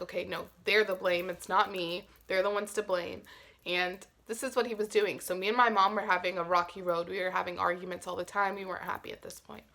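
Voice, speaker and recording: A woman's voice: medium pitch, gravelly, a bit bright. A young woman telling a personal story in a candid, emotional vlog, swearing freely and saying "like" often. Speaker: vlogger.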